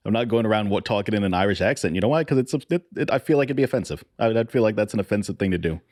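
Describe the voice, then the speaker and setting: A man's voice: fairly low pitch, animated, racing, darkish tone, dry recording, clean studio sound. A man co-hosting a podcast in casual chat, laughing often, swearing and stumbling over repeated words. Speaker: podcast co-host.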